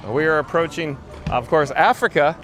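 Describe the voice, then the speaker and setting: An upbeat man hosts a livestream on foot outdoors, his slightly high voice picked up by a handheld phone. He reads viewer comments aloud in a relaxed, chatty way. Faint music plays in the background. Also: normal speed. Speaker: livestream host. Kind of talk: walking livestream reading chat. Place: outdoors walking through a theme park.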